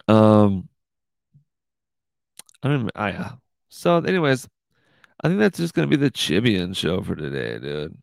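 A man's voice: on the low side, big pitch swings, a little slow, vocal fry, long pauses, a little mellow, dry recording. A man hosting his own podcast, rambling goofily and tacking "dude" onto nearly every line. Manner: rambling, goofy, says "dude" constantly. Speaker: podcast host. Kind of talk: casual podcast monologue.

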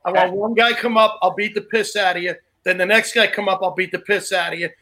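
A man's voice: sits high, fairly even intonation, fast, bright, forceful tone, poor audio. A man, a stand-up comedian, telling brash, profane stories in casual chat with other comics. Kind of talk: casual storytelling among comics.

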